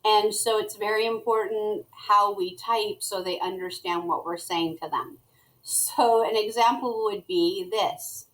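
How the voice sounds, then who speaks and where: Slow, patient woman teacher. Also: mid-range voice, steady tone, rough recording. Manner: slow, step-by-step, talks to students as she types. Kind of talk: screen-recorded classroom tutorial.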